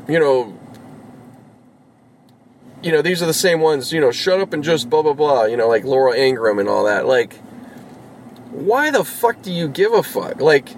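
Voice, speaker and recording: A man's voice: on the high side, a little hiss or hum, low-quality recording. A man ranting casually, swearing often and rambling through half-finished thoughts. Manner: profane, rambling, exasperated. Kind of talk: casual rant.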